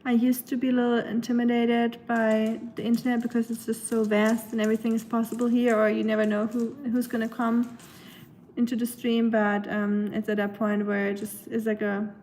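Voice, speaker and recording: On a low-quality recording with slight background noise, a livestream host's voice comes through on the high side, darkish and flat at a normal speed. She's a young adult Southern American woman with a nasal voice, chatting casually in her home kitchen and cooing to her dog in a sing-song baby voice.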